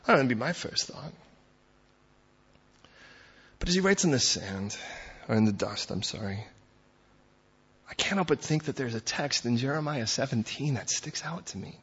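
A man preaching a sermon in a conversational way, pushing louder and faster at times and then dropping quiet. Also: mid-range voice, animated, slightly rough, dull audio. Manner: conversational preaching, building to loud fast bursts then dropping soft. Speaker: pastor.

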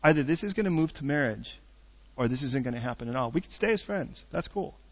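A man's voice: a little high, lively intonation, quick pace, lo-fi sound. A man playing a blunt, no-nonsense young woman laying down terms.

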